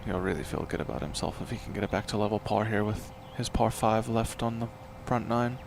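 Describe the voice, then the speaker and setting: A man giving live golf commentary in a relaxed, chatty way, with tips and play calls. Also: on the low side, fairly quick, creaky, background noise.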